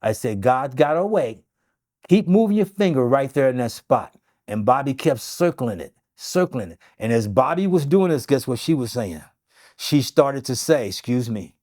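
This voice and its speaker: Animated man telling a story. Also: mid-range voice, moderate pace. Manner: animated, repeats phrases, acts out quotes. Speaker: interview guest. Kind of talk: emotional storytelling.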